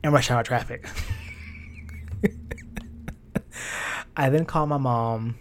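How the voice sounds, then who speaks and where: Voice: medium pitch, slow pace. A young adult fashion stylist telling a personal story in a casual, emotional way, with slang and lots of fillers.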